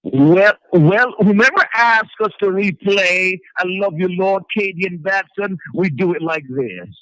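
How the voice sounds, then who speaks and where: A man hosting a gospel radio show, talking to listeners in a relaxed, conversational way. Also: sits high, unhurried, no echo, poor audio. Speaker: radio host.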